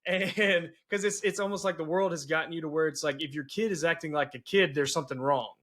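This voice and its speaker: A man's voice: on the high side, quick pace, fairly bright tone. A man hosting a podcast and telling family stories earnestly, with many restarts. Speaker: podcast host. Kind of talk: casual conversation.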